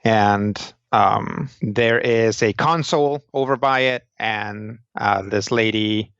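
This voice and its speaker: A man's voice: fairly low pitch, slow pace, fairly bright tone, clean tone, dry recording, muffled recording. A man narrating a tabletop game as game master, describing scenes in a loose, meandering way.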